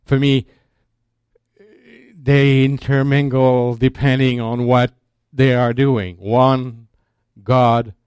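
A man teaching a sermon in a slow, deliberate, emphatic way, restarting his phrases often. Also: medium pitch, level tone, a little mellow, clean tone, dry recording, studio quality. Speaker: Bible teacher.

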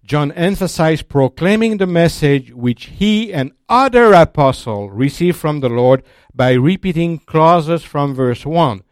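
A man teaching a sermon in a slow, deliberate, emphatic way, restarting his phrases often. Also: fairly high pitch, animated, clear, resonant tone, no echo, clean studio sound. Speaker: Bible teacher.

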